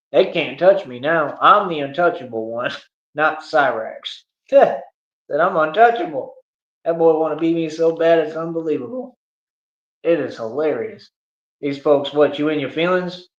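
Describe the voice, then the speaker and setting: A man on a livestream with a boastful, taunting, slangy manner, ranting at his critics. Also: a little high. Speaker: streamer. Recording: echoey room, dull lo-fi stream audio.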